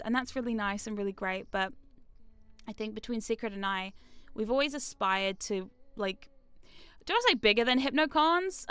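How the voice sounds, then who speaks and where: New woman streamer, high-ish crisp voice, rambly and self-deprecating, dry close sound. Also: fairly bright tone, no room sound. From New Zealand. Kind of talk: casual stream chat. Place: home streaming room.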